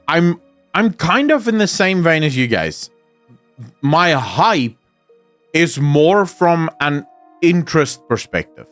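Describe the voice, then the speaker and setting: A man's voice: fairly high pitch, fairly bright tone, no echo. A man streaming live, reading viewer comments aloud and answering them in casual chat.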